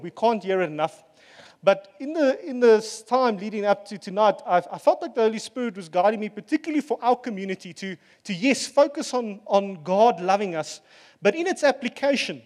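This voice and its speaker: A man preaching a sermon as pastor, earnest and relaxed, with fillers and asides. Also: high voice, in a large hall.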